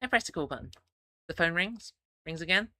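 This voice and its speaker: A man's voice: a little high, brisk, bright, forceful tone, dry recording, studio quality. A man streaming, reading a story game aloud and chatting between passages, with stammering restarts and chuckling asides.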